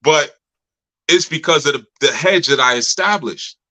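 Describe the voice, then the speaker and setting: A man with a bright, fairly high voice gives a loose, colloquial talk. He tells stories at length and laughs often as he goes. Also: lively intonation, normal speed, low-quality recording. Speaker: community leader speaking to members. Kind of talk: casual storytelling talk.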